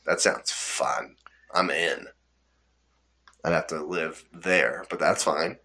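Bright-voiced rambling young man. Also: a bass voice, takes it slowly. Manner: rambling storyteller, laughs often, acts out quotes. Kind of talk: casual chat.

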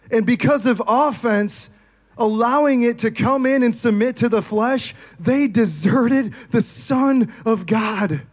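A male pastor preaching a sermon, energetic and often firing questions at the congregation. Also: extremely high pitch. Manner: energetic, asks the crowd questions.

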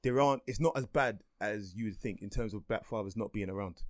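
A man co-hosting a podcast, talking in a quick and thoughtful way. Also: fairly low pitch, no echo, clean studio sound. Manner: quick, thoughtful, reasoned talk. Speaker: podcast co-host. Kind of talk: casual podcast chat.

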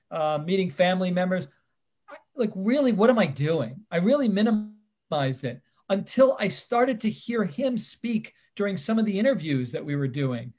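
A man in his fifties, a lawyer and guest, telling personal stories with animated, emphatic delivery and acted-out dialogue. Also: sits high. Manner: animated, emphatic storyteller who acts out the dialogue. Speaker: guest, criminal defense attorney. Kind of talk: personal storytelling in conversation.

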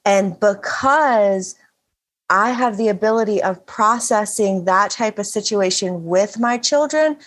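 A woman's voice: medium pitch, unhurried, fairly bright tone. A woman talking as a podcast guest in an earnest, open and reflective way. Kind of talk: casual conversational interview.

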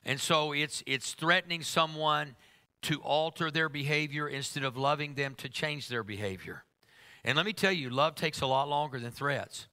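A man's voice: on the high side, normal speed, pushed and bright. A middle-aged man preaching a sermon to a congregation, emphatic and humorous, teasing his listeners.

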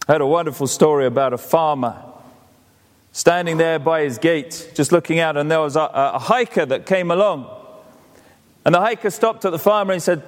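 High-voiced preacher in a reverberant church. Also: male voice, expressive, brisk. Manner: conversational, storytelling, repeats words. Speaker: pastor. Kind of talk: sermon.

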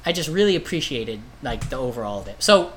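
A man's voice: mid-range voice, big pitch swings, quick pace, fairly bright tone. Guy rambling thru a comic story, swears a lot, bit of hiss behind him. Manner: rambling, profane, acts out quoted voices. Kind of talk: casual chat.

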